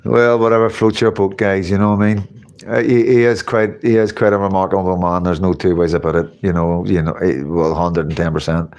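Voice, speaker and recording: A man's voice: deep voice, fairly even intonation, fairly quick, darkish tone. A man hosting a casual live stream, reading chat comments and rambling with repeated phrases and casual swearing. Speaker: livestream host reading chat.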